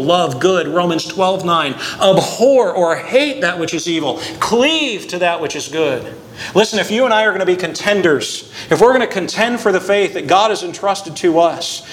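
A man's voice: on the high side, fairly bright tone. A man preaching a sermon as pastor, driving his points home with emphatic, rising stresses. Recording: long hall reverb, faint room noise.

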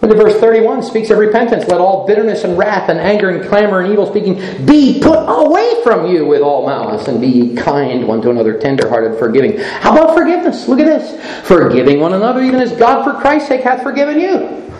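An older man preaching a sermon as pastor in a church, animated, laughing often and asking rhetorical questions. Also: high-pitched, brisk, roomy sound, a little hiss or hum, rough recording. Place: church sanctuary.

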